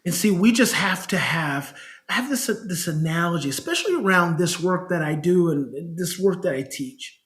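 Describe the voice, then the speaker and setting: A man's voice: high-pitched, normal speed. A middle-aged man, a child behavior specialist on a podcast, telling stories conversationally and acting out the parents he quotes. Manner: animated, acts out parents' voices when quoting them. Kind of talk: conversational storytelling.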